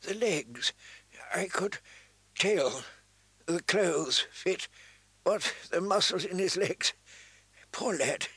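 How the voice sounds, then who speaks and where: Weak, dying old maester, read by a male narrator; soft, halting, gravelly, dry. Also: high-pitched, lively intonation, dry recording, voice pushed up, full character voice. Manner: soft, faltering, broken phrases.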